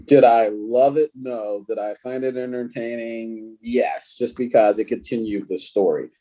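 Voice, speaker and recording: A man's voice: medium pitch, steady tone, measured pace, mellow. A man co-hosting a podcast in casual chat, dry and teasing with short quips. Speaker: podcast co-host.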